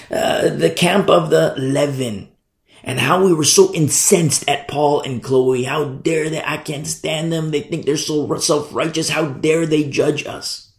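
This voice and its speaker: A man's voice: high-pitched, creaky, darkish tone, reverberant. A man preaching a sermon as a pastor, emphatic and conversational, driving points home through repetition.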